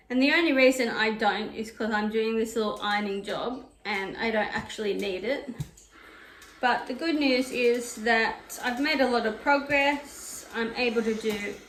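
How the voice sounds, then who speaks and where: Fairly high-pitched and fairly bright, a woman chats casually in her knitting and sewing vlog, telling a wandering story as she irons at home. The echoey room adds slight background noise.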